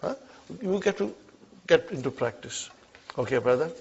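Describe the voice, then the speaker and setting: This Arabic teacher's voice is slightly high and husky with vocal fry, swinging widely in pitch at a normal speed. He drills his class in call-and-response phrases and keeps checking they're following, captured on a muffled lo-fi classroom recording.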